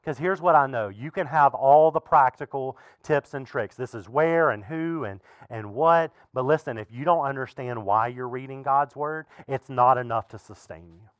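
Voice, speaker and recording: A man preaching a sermon as pastor in a relaxed, conversational way, with frequent asides to the congregation. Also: mid-range voice, normal speed, few pauses, dry recording. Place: church.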